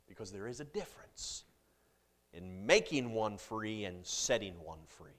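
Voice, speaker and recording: A man preaching a sermon to a congregation, with big swings in loudness and pitch and jokes with the listeners. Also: expressive, unhurried.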